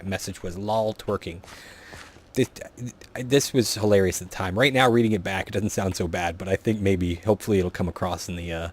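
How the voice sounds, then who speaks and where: A young man telling a rambling story in a casual, chatty way while playing a game, often trailing off into muttered asides. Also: low-pitched. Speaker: gaming vlogger.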